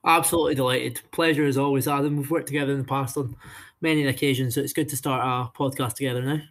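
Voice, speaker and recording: A man's voice: mid-range voice, steady tone, quick pace, fairly bright tone. A man with a Scottish accent from Inverness with some Edinburgh twang, co-hosting a casual podcast with brief, dry replies. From Scotland. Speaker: podcast co-host.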